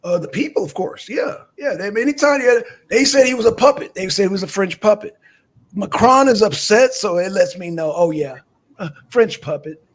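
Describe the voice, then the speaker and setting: A man hosting a casual news chat, animated and teasing, swearing freely. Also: high voice, moderate pace. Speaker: show host.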